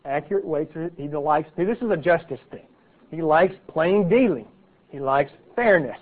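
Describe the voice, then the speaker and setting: Male preacher, high voice, chatty teaching sermon, thin phone-line sound. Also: lively intonation, moderate pace. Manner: conversational teaching, frequent "okay" and "right". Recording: tinny phone-like audio.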